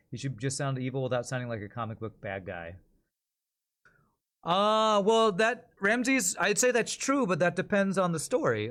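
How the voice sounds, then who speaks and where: A man's voice: on the high side, fairly bright tone. A man streaming and chatting casually, often restarting and rambling between thoughts. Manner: rambling, self-correcting, chatty.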